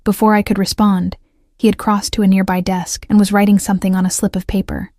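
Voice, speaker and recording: A woman narrating a first-person romance audiobook in a measured, even way. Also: mid-range voice, dry recording, clean studio sound.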